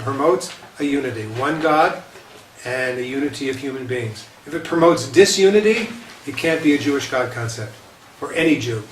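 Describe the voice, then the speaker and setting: Man, rabbi type, fairly high voice, lecturing with casual asides, recorded in a roomy hall from far off with faint hiss. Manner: conversational, often checks in with "okay?" and repeats himself. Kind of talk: lecture with light humor. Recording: roomy echo, distant mic, faint hiss.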